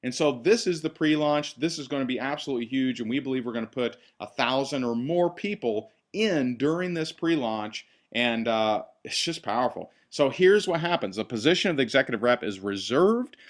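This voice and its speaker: A man hosting a sales presentation on a call, talking in an upbeat, enthusiastic pitching manner. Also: animated, normal speed, few pauses. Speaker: host.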